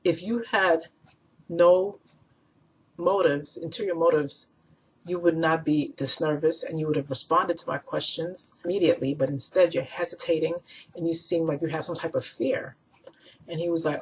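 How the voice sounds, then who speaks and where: A woman vlogger and mother in her thirties, talking casually to camera and retelling an online exchange with indignant, animated quoting. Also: deep voice, normal speed, pauses often, slightly rough, rough recording. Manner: animated, indignant, retells chats with mimicked quotes.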